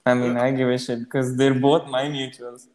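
A man's voice: medium pitch, level tone, moderate pace, darkish tone. A man of about twenty hosting a podcast, talking casually and rambling with lots of fillers. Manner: laid-back, rambling with many fillers. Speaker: podcast host. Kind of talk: casual chat. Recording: echoey room with long reverb.

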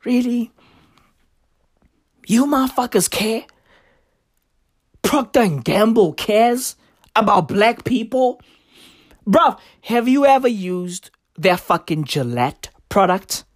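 A woman's voice: on the high side, lively intonation, slow, long pauses, dry recording, clean studio sound. A woman doing a profane, emphatic stand-up comedy rant that is full of slangy asides to the audience.

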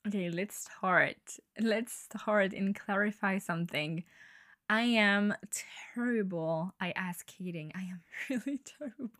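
Slow-talking young woman, dry close sound. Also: medium pitch, a bit bright, dry recording. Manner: slow, breathy-edged, laughing and swearing freely. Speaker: podcast host. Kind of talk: casual solo podcast monologue.

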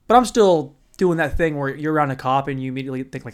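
A man's voice: on the high side, fast, clean tone. A man doing stand-up storytelling in a profane, rambling, bro-ish way. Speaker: stand-up comedian.

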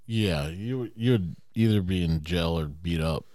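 A man's voice: low voice, unhurried, a little mellow, no echo, clean studio sound. A man co-hosting a casual podcast chat, tossing in blunt, profane one-liners. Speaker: podcast co-host.

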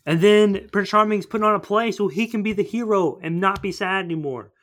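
A man rambles through a movie plot in casual podcast chat, slipping in quick character voices. His voice sits a little on the high side for a man. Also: a bit bright. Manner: rambling storytelling, acting out characters. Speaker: podcast co-host.

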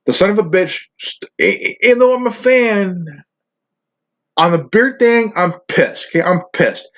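A channel host with a high voice rants at normal speed in his vlog, profane, rambling and stammering. The recording is dull and lo-fi.

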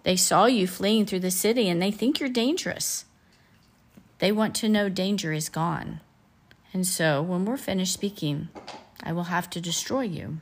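A woman's voice: on the low side, moderate pace. A woman reading aloud as a blunt woman who designs robots in a children's storybook, in a matter-of-fact voice.

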